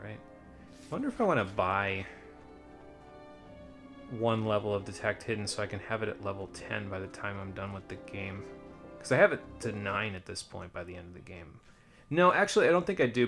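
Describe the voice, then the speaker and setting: A man giving casual, rambling commentary while playing a video game, with wry muttered asides. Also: on the low side. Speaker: let's play streamer.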